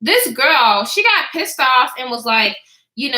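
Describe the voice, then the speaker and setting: A woman's voice: high-pitched, sing-song, unhurried, bright, forceful tone. A woman in her twenties telling a casual story to her live chat, blunt and profane, chatting back to the viewers as she goes. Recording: echoey room.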